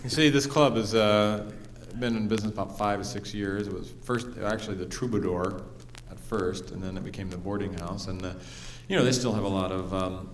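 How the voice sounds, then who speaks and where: A man's voice: on the low side, steady tone, brisk, hardly any pauses, echoey room, slight background noise. A man performing a live stand-up routine on a comedy club stage, rambling with fillers and working himself into mock anger. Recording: 1970s live vinyl album recording.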